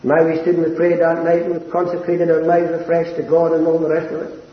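An elderly preacher delivers a sermon in a fairly high voice, earnest and building to impassioned peaks. The recording is roomy and dull, with a lo-fi, echoing feel. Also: male voice, completely flat delivery, brisk. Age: older.

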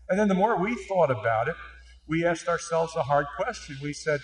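A man's voice: on the high side, expressive, a little fast. A man giving an earnest conference presentation with slides for a mission organization. He speaks with emphasis and asks rhetorical questions. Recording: echoey room, distant mic.

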